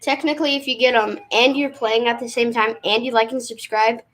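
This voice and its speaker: A man putting on a high, squeaky voice for an eager, gushing male sidekick. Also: fairly even intonation, brisk, a bit bright, a little hiss or hum. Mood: chirpy. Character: squeaky excitable male sidekick named Doug.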